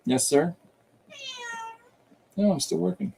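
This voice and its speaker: A man's voice: fairly high pitch, takes it slowly, creaky, mellow, breathy edge, low-quality recording. A man streaming a comic drawing tutorial, rambling casually and chatting with viewers and a pet as he draws.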